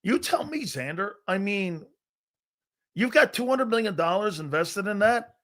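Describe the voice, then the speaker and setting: A young man with a notably high voice co-hosting a sports talk show. He talks in slangy, challenging bursts, tossing out statistics to push back on his partner. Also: lively intonation, fairly bright tone. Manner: challenging, slangy, quick to cite stats. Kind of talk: casual sports debate.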